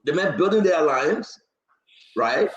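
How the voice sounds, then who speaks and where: A man hosting a live political talk show, animated, teasing and laughing as he talks. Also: fairly high pitch, unhurried, reverberant, muffled recording. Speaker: show host. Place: New Jersey.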